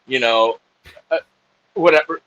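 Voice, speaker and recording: A man's voice: medium pitch, measured pace, fairly bright tone, lo-fi sound. A man in his forties who is a guest musician on a podcast, chatting in an easygoing way, swearing casually and often trailing off mid-sentence. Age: 40s. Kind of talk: casual chat.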